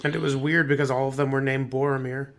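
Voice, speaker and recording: A man's voice: mid-range voice, little pitch movement, fast talker, fairly bright tone. A young man co-hosting a podcast, his voice nearly gone, laughing often and chatting casually. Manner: laughs often, reads aloud. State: losing his voice. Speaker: podcast co-host. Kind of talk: casual chat.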